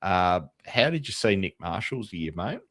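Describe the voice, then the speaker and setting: A man's voice: low-pitched, very animated, normal speed, a bit bright, no echo. An Australian man hosting a casual sports podcast, chatty and openly a fan. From Tasmania, Australia. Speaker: podcast host.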